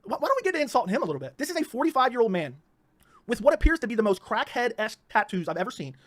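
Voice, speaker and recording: A man's voice: extremely high pitch, big pitch swings, racing, fairly bright tone. A man with a Baltimore accent hosting his own channel, delivering a heated, mocking rant and repeating himself as he goes. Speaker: YouTube channel host. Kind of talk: ranting monologue.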